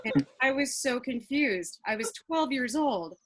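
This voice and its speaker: Young woman doing a standup set, deadpan punchlines, voice a bit high, giggles at her own bits. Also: measured pace, husky, poor audio. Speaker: stand-up comedian.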